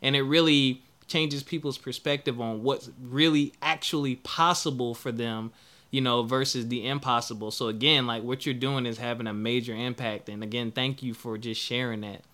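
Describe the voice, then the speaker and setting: A man hosts a relaxed interview podcast, his voice bright and forceful. He talks in an upbeat, encouraging way and keeps affirming his guest. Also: mid-range voice, normal speed. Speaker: podcast host. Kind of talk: casual interview conversation.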